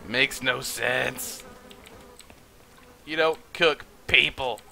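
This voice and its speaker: A man's voice: medium pitch, drawn-out words, gravelly, pushed and bright, a little hiss or hum. A man giving casual, jokey, profane commentary while he plays through a video game. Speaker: gaming streamer.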